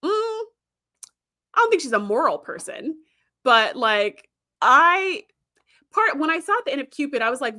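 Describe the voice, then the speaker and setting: A woman's voice: sits high, big pitch swings, moderate pace, pauses often, pushed and bright. A woman hosting a casual livestream, chatting and laughing as she retells scenes and reads the chat. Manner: chatty, laughs often, acts out quoted lines. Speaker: host reading live chat.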